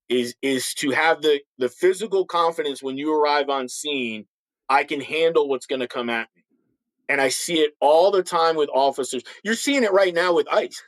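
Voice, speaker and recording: A middle-aged man, a former police officer, speaks on a podcast in a somewhat high voice for a man. He talks bluntly and forcefully and often restarts his sentences. The sound is dry and close. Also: no room sound, rough recording. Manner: acts out others' voices in stories. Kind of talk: podcast interview talk.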